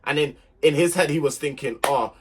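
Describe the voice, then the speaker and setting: A man's voice: on the high side, a little fast, a bit bright, slight background noise. A young man telling a relationship story to camera in an emphatic, irritated rant, repeating himself to make his point. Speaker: vlogger.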